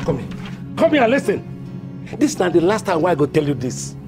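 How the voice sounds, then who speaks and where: A man's voice: fairly high pitch, very animated, brisk, over music. An actor playing a scheming village father who pushes his daughter, speaking with a Nigerian Pidgin accent. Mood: coaxing. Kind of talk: comic film acting.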